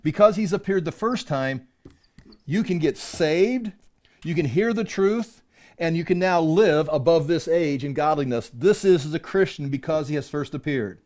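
Male pastor, conversational Bible-teaching sermon, voice sits a little high, restarts often and builds to emphatic peaks. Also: animated, moderate pace, darkish tone. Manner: repeats and restarts words, rising to emphatic peaks.

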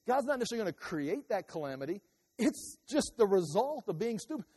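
A man preaching a sermon as a pastor, animated, swinging between loud outbursts and quiet asides. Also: high-pitched, fast talker, slightly rough, long reverb tail.

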